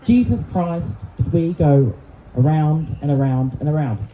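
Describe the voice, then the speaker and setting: Deadpan Kiwi woman comic in a club. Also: sits low, measured pace. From New Zealand. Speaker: stand-up comedian. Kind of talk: stand-up set and panel chat. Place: comedy club. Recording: echoey club with background noise.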